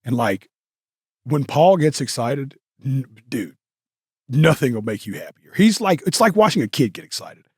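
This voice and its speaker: A man's voice: medium pitch, lively intonation, normal speed, breathy edge, dry recording, studio quality. A male guest telling stories in a casual interview, rambling with many fillers and restarts. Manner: rambling, filler-heavy, with self-corrections.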